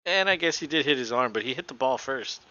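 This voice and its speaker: A man calls a basketball game live in a casual, offhand way and swears freely. His voice is bright and close. The recording is dry and dull, typical of a lo-fi home mic. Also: medium pitch, animated, quick pace, no echo. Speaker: podcast co-host. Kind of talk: casual live play-by-play commentary.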